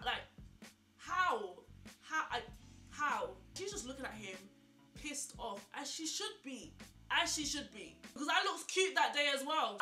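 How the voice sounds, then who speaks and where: A young woman vlogger telling a story while getting ready, animated and incredulous, full of "like" and repeated questions. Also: high voice. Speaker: beauty vlogger. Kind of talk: chatty get-ready-with-me storytelling. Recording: echoey room, faint music.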